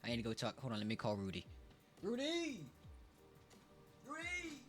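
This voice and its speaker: A man's voice: on the low side, fairly even intonation, rapid-fire, music in the background. A man in his twenties chatting casually on a live stream, playful and joking at his own expense. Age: 20s. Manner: playful, joking, self-mocking. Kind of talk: casual chat.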